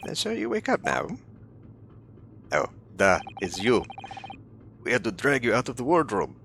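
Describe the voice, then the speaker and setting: A man putting on a gruff Russian ship officer. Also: medium pitch, wildly swooping pitch, background noise. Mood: accusing. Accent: put-on Russian. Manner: stern, accusing, slow.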